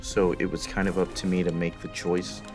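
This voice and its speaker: Young male streamer, very low voice, rambling and profane, game music behind. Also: flat delivery, fairly quick. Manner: rambling, profane, mock-philosophical storytelling. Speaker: live streamer. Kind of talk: casual chat while gaming.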